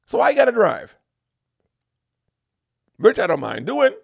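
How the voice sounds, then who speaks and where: Preachy high-voiced man, gravelly. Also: sing-song, moderate pace, long pauses, dry recording, clean studio sound. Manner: preachy, emphatic, mock-sermon tone with repetitions. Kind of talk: comic lecturing monologue.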